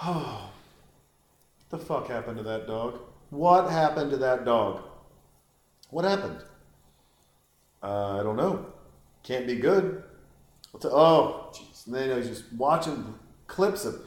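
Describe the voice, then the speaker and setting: A man giving rambling, crude, joking commentary while watching a film, with sudden high-pitched exclamations. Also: lively intonation, slow pace, long pauses, reverberant. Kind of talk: casual watch-along commentary.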